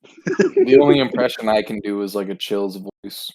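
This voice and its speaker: A man's voice: on the low side, huge pitch swings, moderate pace, a little mellow, a little hiss or hum. A man in a casual comedy podcast chat, giggly with rambling asides. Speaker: podcast co-host.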